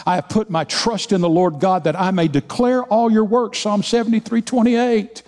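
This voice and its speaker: A man's voice: high voice, fairly even intonation, moderate pace, a little mellow. A man preaching a sermon as senior pastor, speaking emphatically with repeated phrases and leading the congregation in call-and-response. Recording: long reverb of a large hall.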